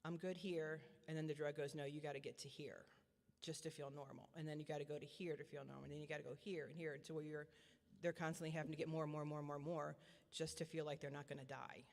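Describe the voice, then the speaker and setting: A middle-aged woman giving a personal testimony as a parent, earnest and repetitive, often halting and restarting her sentences. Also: sits low, little pitch movement. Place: church hall. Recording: long church hall reverb.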